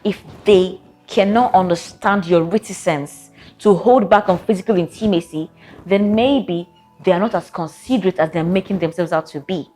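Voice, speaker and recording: Woman, playful, straight-talking, therapist giving advice, soft music behind. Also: on the low side, moderate pace. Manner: sassy, playful, direct. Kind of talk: casual advice vlog.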